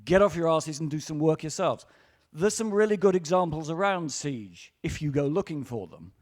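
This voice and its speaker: A man's voice: a little high, expressive, normal speed, a little mellow. An older British man ranting bluntly and profanely on a conference panel stage.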